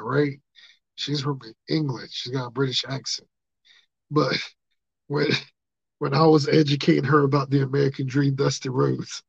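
Male solo podcast host, husky and raspy, casual rambling, dry lo-fi recording. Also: mid-range voice, no echo. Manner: laughing, loose, fillers like "you know what I'm saying".

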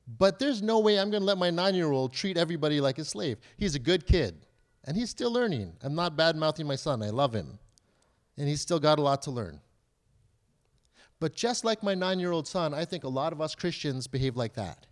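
A man in his thirties delivers a sermon in a talky, conversational way. His voice sits a little high, and he keeps asking the room questions and mimicking pleading voices. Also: animated, fairly quick. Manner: conversational preaching with rhetorical questions; acts out children's and believers' pleas in a higher voice. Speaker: pastor.

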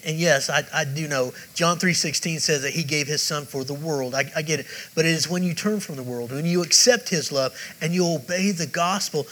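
A man's voice: a little high, a bit bright, poor audio. A male pastor preaching a sermon with emphatic, repetitive phrasing and direct questions to the congregation.

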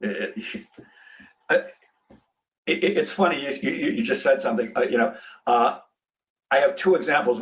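A man's voice: mid-range voice, distant mic. A man hosting an interview in casual chat, telling stories animatedly and acting out what people said. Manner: animated storyteller who acts out quoted dialogue, with frequent restarts. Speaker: podcast host.

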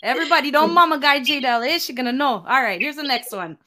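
A woman's voice: high voice, bright, forceful tone. A woman hosting a casual chat, upbeat and playful as she quizzes her guest on local slang. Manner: upbeat, playful, quick reactions.

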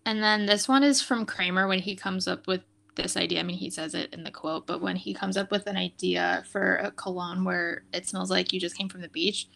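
A young woman in casual chat, quick and enthusiastic, peppering her talk with "like.". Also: fairly low pitch, steady tone, vocal fry, a bit bright. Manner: says "like" a lot, quick and chatty.

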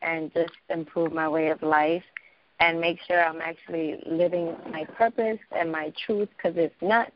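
Woman doula guest, earnest, lowish voice, dull dry lo-fi sound. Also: dry recording. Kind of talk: interview answers.

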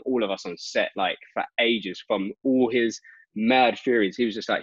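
A British man with a fairly low voice chats as a guest, telling stories with energy and a stream of "like" fillers. The recording is dull and dry, with a lo-fi sound. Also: moderate pace, slightly rough, no room sound. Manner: animated, lots of "like" fillers. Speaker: guest magician. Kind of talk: casual storytelling chat.

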